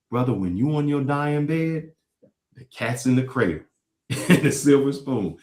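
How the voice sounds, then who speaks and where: A man hosting a talk show, with a mid-range voice that swings widely in pitch. He talks in an animated, preachy way and acts out the words of others. The sound is roomy and echoey. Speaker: podcast host. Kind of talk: casual commentary reacting to clips.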